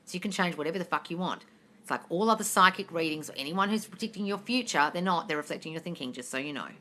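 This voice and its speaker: A woman runs a casual live-stream Q&A from home, seemingly into a phone, reading viewer questions and answering bluntly. Her fairly low voice is bright and forward, with lively intonation and fast speech. She swears freely and calls her listeners darling.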